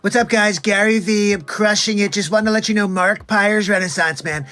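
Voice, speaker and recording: A loud, hyped hustle entrepreneur pushing his crush-it message, put on by a man. Punchy, energetic and a bit higher than his own voice. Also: normal speed. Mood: pumped. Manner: loud, pumped-up hustle talk. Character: hyped male motivational entrepreneur. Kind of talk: comedic impression.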